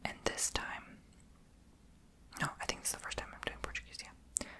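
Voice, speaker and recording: A man whispering in ASMR style, softly repeating foreign words over and over, with self-deprecating chatty asides. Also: normal speed. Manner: repeats each foreign word softly many times. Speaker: ASMR creator.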